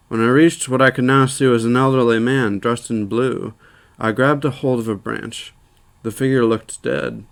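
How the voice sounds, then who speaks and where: Man reading a short story, measured. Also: mid-range voice, steady tone, creaky. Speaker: narrator.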